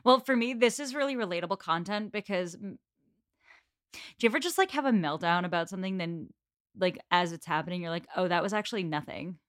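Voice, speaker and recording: A woman's voice: on the low side, fairly quick, fairly bright tone, no room sound, studio quality. A woman co-hosting a casual book discussion, wry and explaining historical context with casual swearing. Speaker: podcast co-host.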